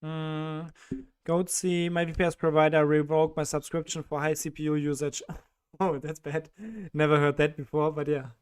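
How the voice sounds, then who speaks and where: A man's voice: fairly high pitch, monotone, moderate pace, clear, resonant tone. A man with a strong German accent hosting a casual livestream, reading chat questions aloud and answering them with fillers and small laughs.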